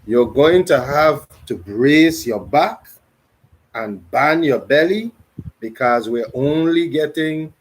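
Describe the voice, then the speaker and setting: A man with a Crucian Virgin Islands accent, reading a dialogue and explaining in a slow, measured way. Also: fairly high pitch, lively intonation, low-quality recording. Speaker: reader and narrator of a dialogue. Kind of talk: dramatic reading.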